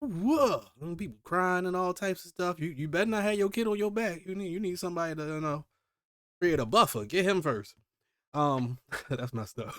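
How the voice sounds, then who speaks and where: A man hosting a live manga reaction, reading the pages aloud and reacting with loud, slangy exclamations. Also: high voice, moderate pace, dry recording, studio quality. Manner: animated, exclaiming, slangy commentary.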